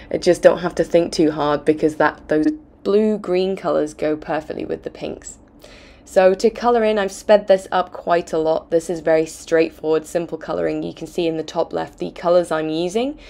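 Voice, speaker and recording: A woman with a croaky voice from bronchitis, explaining a card-making project step by step in a tutorial voice-over. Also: fairly low pitch, a little mellow. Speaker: craft video host.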